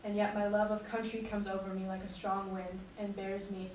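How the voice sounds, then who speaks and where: A woman giving a class presentation and a dramatic reading of a letter, in an earnest, measured delivery. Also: medium pitch, flat delivery, darkish tone. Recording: echoey room recorded from a distance, faint noise.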